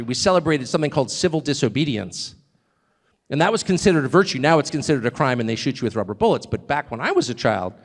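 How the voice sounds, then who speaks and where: A man speaking to a live audience, emphatic and mocking, with rhetorical questions. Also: mid-range voice. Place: large hall with audience. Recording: played clip, long hall reverb, faint crowd.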